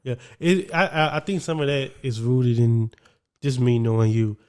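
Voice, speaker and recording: A young man co-hosting a casual podcast chat, animated and quick to laugh. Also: medium pitch, clean tone. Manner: animated, laughs often, drops into his own self-talk. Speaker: podcast co-host.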